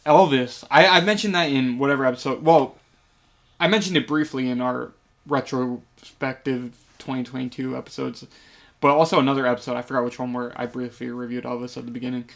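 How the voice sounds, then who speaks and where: Casual male podcast co-host, gravelly, relaxed and opinionated. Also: medium pitch, a little fast. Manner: relaxed, laughs often, opinionated. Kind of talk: casual film review chat.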